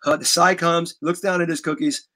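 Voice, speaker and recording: A middle-aged man tells an animated story in a bright, fairly high voice with a forceful edge. He swears freely and acts out each scene as he goes. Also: moderate pace. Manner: vivid, profane, acts out scenes. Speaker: guest musician.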